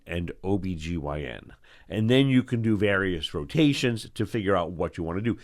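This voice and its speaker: A low-voiced older man from New York tells stories in casual chat, his pitch rising and falling widely. He acts out the people in his stories as he goes. He hosts the show as an eye doctor. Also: moderate pace. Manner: animated storyteller, acts out voices. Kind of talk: storytelling chat.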